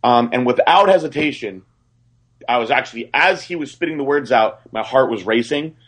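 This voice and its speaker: A man casually telling a story in animated, profane fashion. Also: medium pitch, normal speed, breathy edge.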